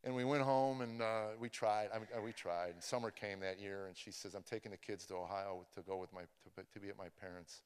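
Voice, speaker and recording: Man giving a live testimony, halting storyteller who builds to fervor, long hall reverb. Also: on the low side, clean tone. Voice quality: stammers and restarts, storytelling, rising to excited intensity.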